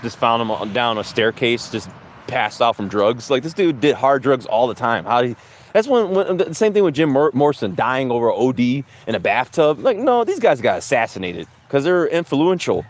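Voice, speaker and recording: A man's voice: mid-range voice, sing-song, moderate pace. A man hosting a casual podcast while out on a walk, rambling, swearing and laughing often. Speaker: podcast host. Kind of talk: casual chat while walking outdoors.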